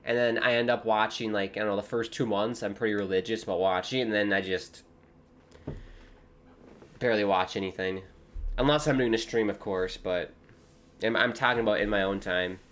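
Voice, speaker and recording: A young man from the United States hosting a live football watchalong, chatting casually and joking, with sudden excited shouts. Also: on the low side, normal speed, long pauses. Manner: rambling, jokey, breaks into excited shouts. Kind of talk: casual live commentary and chat.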